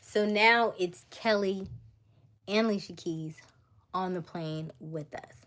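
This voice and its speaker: Livestream host, woman, lively casual storyteller who laughs often. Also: mid-range voice, slow. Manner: animated, laughing, acts out voices.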